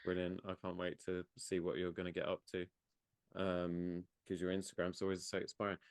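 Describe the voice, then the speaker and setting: A man's voice: deep voice, monotone, a little fast, no echo. A man hosting an interview, rambling along with enthusiasm and poking fun at himself. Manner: enthusiastic, rambling, self-deprecating. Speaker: podcast host. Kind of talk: casual interview chat.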